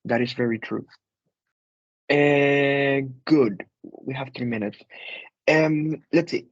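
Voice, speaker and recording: A man's voice: medium pitch, slow pace, no echo, dull audio. A man, an instructor, leading a casual group discussion over a video call, chatty, with fillers and repeated phrases.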